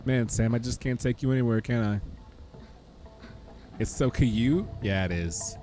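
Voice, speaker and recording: A man's voice: mid-range voice, measured pace, dark tone. Joking male streamer over game music. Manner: joking, chatty, talks to chat by name. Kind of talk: casual live-stream commentary.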